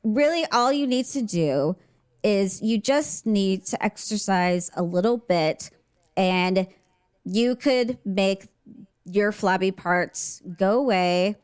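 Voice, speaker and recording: A woman's voice: medium pitch, slow, clean tone. A woman co-hosting a podcast, chatting casually and telling stories, acting out what others said. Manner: chatty storyteller, quotes others in lively voices. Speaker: podcast co-host. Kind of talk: casual chat.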